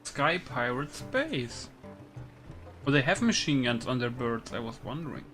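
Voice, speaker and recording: A man's voice: mid-range voice, big pitch swings, unhurried. Gamer guy muttering over game music. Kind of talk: casual gameplay commentary.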